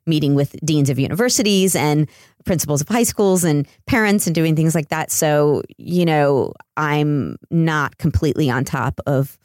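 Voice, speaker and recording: Deep-voiced American woman, chatty guest. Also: moderate pace, dry recording, studio quality. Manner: relaxed, chatty, frequent ums. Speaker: education consultant guest. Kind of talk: casual interview chat.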